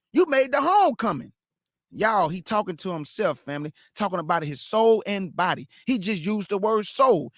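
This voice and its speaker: A man teaching the Bible, reading verses aloud and breaking off to question them with drawn-out emphasis. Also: very high-pitched, fairly bright tone, dry recording, studio quality. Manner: reads verse then stops to question it aloud. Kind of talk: street-style scripture teaching.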